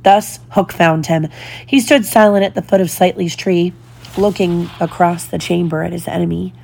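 A woman reading a children's storybook aloud in a slow, deliberate storytelling manner. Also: fairly low pitch, fairly even intonation, gravelly, a little mellow, slight background noise. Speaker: storybook reader.

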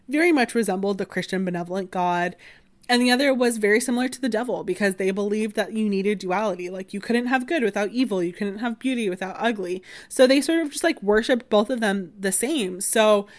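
Chatty woman podcaster around thirty. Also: mid-range voice. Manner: chatty, many fillers like "like" and "um"; wry asides. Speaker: history podcast host. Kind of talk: casual explanatory history talk.

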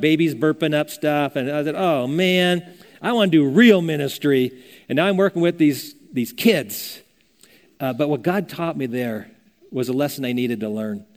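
A man's voice: fairly high pitch, a little mellow. An older man preaching a sermon as a pastor, earnest and conversational, telling stories as he teaches. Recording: long reverb of a church hall.

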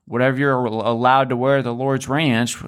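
A podcast co-host from Alaska tells a personal story in casual chat, animatedly acting out what people said. His mid-range voice is clean-toned and a little fast.

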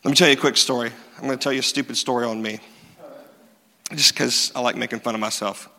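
A man preaching a sermon, animated and self-mocking, with emphatic repeats. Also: mid-range voice. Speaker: pastor. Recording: reverberant hall.

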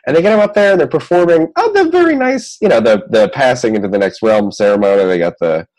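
A man's voice: mid-range voice, very animated, fast, a little mellow, low-quality recording. A man casually recapping a film's plot in a chatty, joking way, rambling and laughing often. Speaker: podcast co-host recapping a film. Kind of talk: casual chat.

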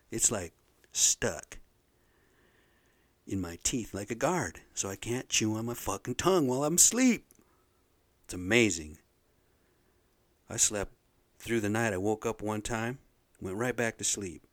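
A middle-aged man hosting a podcast, ranting in a blunt, profane, animated way. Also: on the low side, no echo. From Pacific Northwest of the US. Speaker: podcast host. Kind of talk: casual rant monologue.

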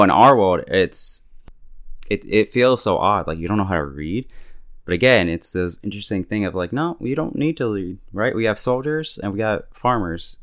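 Man, low voice, smooth, slangy and laid-back, chuckles, casual show recap. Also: a bit bright, no echo, clean studio sound. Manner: laid-back, slangy, chuckles often, acts out characters' lines. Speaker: podcast host recapping a show. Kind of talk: casual chat.

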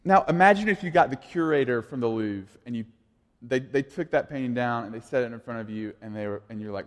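A man's voice: mid-range voice, moderate pace. A man in his thirties giving a casual, conversational sermon as a youth pastor, in an echoey hall. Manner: casual, conversational, full of "like" and restarts.

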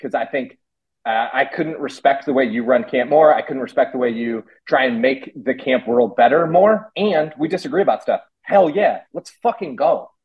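A young man hosting a podcast. He is excitable and swears a lot, and his speech is full of fillers. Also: medium pitch, moderate pace, lo-fi sound. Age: young adult. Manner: excitable and profane, hedges with fillers. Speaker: podcast host. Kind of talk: casual podcast conversation.

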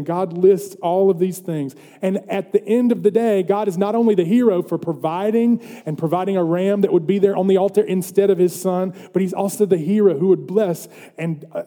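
A man's voice: high voice, warm tone. A man preaching a sermon as pastor, earnest and building to emphatic questions. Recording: long hall reverb.

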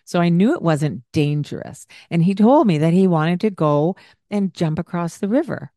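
A woman with a fairly low voice tells a parenting story in a relaxed podcast style. She acts out both sides of the conversation with lively energy. The sound is dry and close, with no room echo. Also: moderate pace. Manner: animated, acts out what she and the child said. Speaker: podcast host and childcare provider. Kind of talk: casual storytelling with parenting advice.

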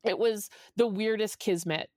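A woman in her forties, a podcast guest, telling a story in a lively, laughing way and acting out the quotes. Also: unhurried, no room sound, studio quality. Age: 40s. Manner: lively, laughing, acts out quotes with big pitch jumps. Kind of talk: animated storytelling.

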